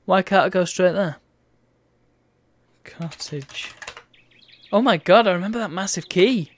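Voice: mid-range voice, unhurried. Streamer playing an old pc game, wry and chatty, reads stuff out, faint keyboard noise. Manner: chatty, wry, reads on-screen text aloud. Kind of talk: let's play commentary.

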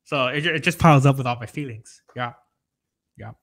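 A man's voice: mid-range voice, fairly quick, a bit bright, lightly acted. A man playing the Grinch in a comedy interview, rambling through silly stories and laughing a lot. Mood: chatty, joking. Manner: rambling, giggly, tells tall tales. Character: mischievous green male Grinch, greedy, onion-loving.

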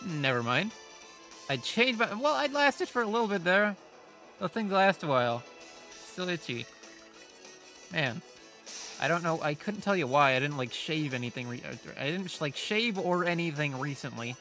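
Lively, bright-voiced man playing a game. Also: fairly high pitch, normal speed, long pauses, faint music behind. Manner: rambling, self-deprecating, reacts aloud to the game. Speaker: let's play host. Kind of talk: casual gameplay commentary.

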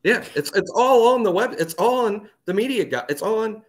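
A man's voice: high-pitched, animated, moderate pace. A man co-hosting a sports podcast, chatting casually and animatedly, often repeating words as he thinks. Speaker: podcast co-host.

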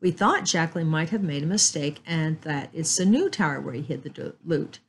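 A woman's voice: low-pitched, animated, normal speed, husky, heavily acted. A woman reading aloud in the part of an earnest teenage boy detective, matter-of-fact in tone.

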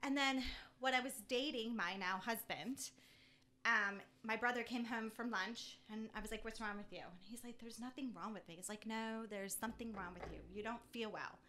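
Middle-aged woman guest on a podcast, super bright voice, acts out all the quotes as she tells it. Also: a little high, normal speed, a little hiss or hum. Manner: animated storyteller who acts out quoted dialogue. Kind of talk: casual chat.

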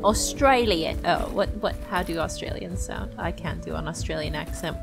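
A woman's voice: on the low side, normal speed, vocal fry, music in the background. A woman playing a game alongside the host, chatting casually and teasing, with sudden yelps when she gets hit. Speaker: co-player. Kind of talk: casual gaming chat.

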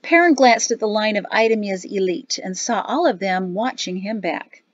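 A woman narrates a fantasy novel in an even, measured storytelling voice at a middle pitch. The sound is dry and close, with a slightly dull, lo-fi tone. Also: no room sound. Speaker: audiobook narrator. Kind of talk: scripted narration.

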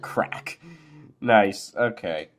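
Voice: low-pitched, extremely slow. A video host casually commenting while watching a clip, laughing constantly and swearing casually. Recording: video clip music playing behind.

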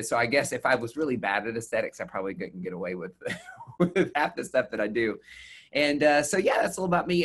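A man with a Tennessee country accent, a nurse talking as a guest on a webinar in a chatty, sassy, animated way over a video call. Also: medium pitch. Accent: Southern US, Tennessee. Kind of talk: casual webinar interview.

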